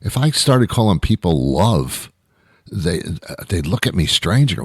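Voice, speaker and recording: A man with a very low voice rambles through a comic monologue in a deadpan, mock-outraged way. The sound is dry and close, with no room sound. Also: measured pace, slightly rough, no echo. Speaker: show host. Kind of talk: comedic monologue.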